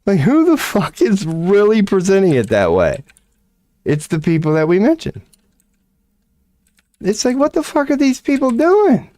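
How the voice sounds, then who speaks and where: A man's voice: high voice, wildly swooping pitch, unhurried, long pauses, warm tone, no room sound. A man streaming, giving casual ranting commentary, profane and incredulous, laughing often.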